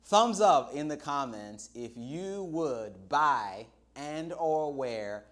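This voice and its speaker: A middle-aged man from Nigeria with a Nigerian accent, preaching a livestreamed sermon in an animated storytelling way, stretching out words for emphasis. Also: a little high, takes it slowly. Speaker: pastor.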